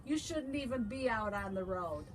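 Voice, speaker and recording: A woman doing a loud, scolding male police officer. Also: on the high side, animated, moderate pace, natural voice. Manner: yelling. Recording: loud background noise.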